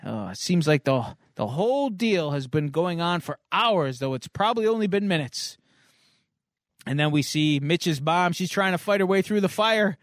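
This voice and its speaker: High-voiced man retelling a comic. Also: normal speed, dry recording, clean studio sound. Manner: animated storyteller, chuckling between beats. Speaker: podcast co-host. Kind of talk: casual retelling of a comic book.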